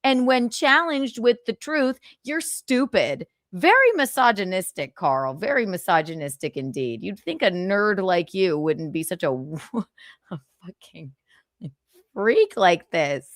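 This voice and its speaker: A woman's voice: mid-range voice, animated, measured pace, dry recording, studio quality. A woman hosting a livestream, arguing heatedly with a guest in a sarcastic, mocking, combative way. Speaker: livestream host.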